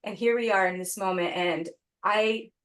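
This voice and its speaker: A woman guest on an interview podcast, telling a personal story in an earnest, reflective way with pauses and restarts. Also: mid-range voice, fairly bright tone.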